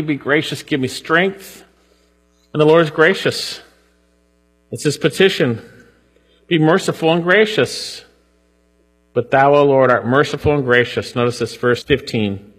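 A man preaching through a psalm in a church sanctuary. His voice is slightly husky, and a long reverb trails each phrase. He reads the verses aloud, then presses their meaning home with climbing emphasis. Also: fairly high pitch, fairly bright tone. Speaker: pastor. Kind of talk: expository sermon on a psalm.

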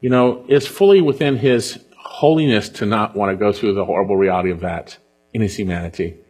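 A pastor preaching an earnest sermon and reading scripture aloud, often dropping to a hush on key points. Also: male voice, on the low side, brisk, slightly rough.

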